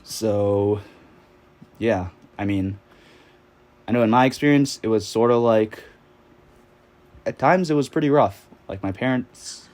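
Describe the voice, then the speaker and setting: A man's voice: fairly low pitch, unhurried, long pauses, a little mellow. A man in his twenties from New York, telling a story in a rambling, casual way, full of fillers and swearing while he plays a game. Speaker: vlogger.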